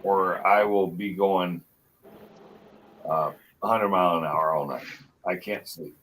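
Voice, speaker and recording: A man's voice: deep voice, steady tone, unhurried, fairly bright tone, a little hiss or hum, rough recording. A man hosting a casual live chat with friends, talking in a laid-back, drawling way. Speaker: host.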